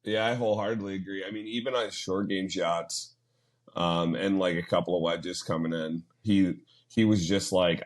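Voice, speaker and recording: Low-voiced man in casual golf chat. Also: normal speed. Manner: rambling, animated retelling with quoted asides. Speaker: podcast co-host.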